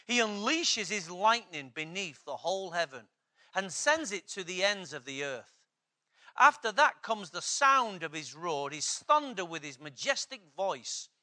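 A man's voice: high-pitched, very animated, a little slow, sharp tone. A man preaching a sermon, emphatic, repeating key phrases and asking the congregation questions.

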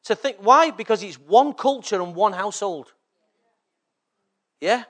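A man's voice: sits high, lively intonation, a little slow, fairly bright tone. A man from England preaching a sermon as a pastor, often checking in with the congregation through short rhetorical questions.

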